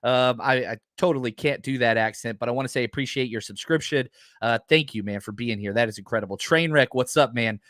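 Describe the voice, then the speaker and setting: A man hosting a live podcast, talking fast and excitedly with lots of fillers, rambling from one point to the next. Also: medium pitch, no room sound, studio quality. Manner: enthusiastic, rambling with many fillers. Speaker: podcast host. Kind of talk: live-stream podcast chat.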